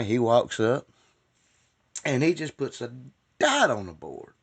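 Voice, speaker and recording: Gravelly man telling a folksy joke. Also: mid-range voice, huge pitch swings, slow pace, pauses often. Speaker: joke teller.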